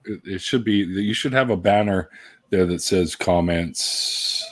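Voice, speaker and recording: Low-voiced man hosting a casual live chat. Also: unhurried. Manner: laughing often, casual swearing. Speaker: host interviewing a guest, reading live chat.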